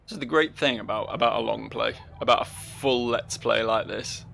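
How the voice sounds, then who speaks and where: A man's voice: medium pitch, normal speed, gravelly, a bit bright, soft background music. A man casually commenting on a game as he plays, rambling, self-mocking and swearing freely. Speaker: let's play host.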